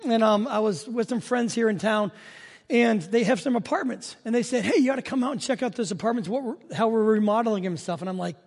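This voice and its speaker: A man's voice: extremely high pitch, quick pace, creaky, big-room sound. A man preaching a sermon as pastor, telling stories in a chatty, joking way. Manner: conversational storytelling with humor.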